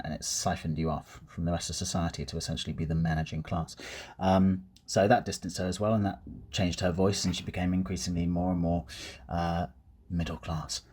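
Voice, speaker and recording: A man's voice: sits low, darkish tone, husky. A man with a Received Pronunciation accent, from England, rambling casually and reflectively with lots of ums and uhs. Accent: English Received Pronunciation. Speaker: vlogger. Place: outdoors on a dog walk.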